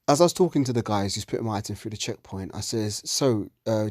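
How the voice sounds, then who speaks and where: A man's voice: fairly low pitch, expressive, quick pace, darkish tone, no echo, clean studio sound. Heated, swearing man ranting. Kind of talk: religious commentary monologue.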